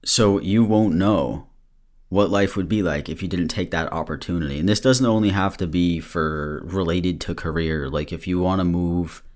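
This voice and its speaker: A young man with a very low, darkish voice delivers an earnest but loose motivational talk at normal speed. Slightly out of breath, he keeps restarting sentences and swears casually, addressing listeners directly like a podcast host.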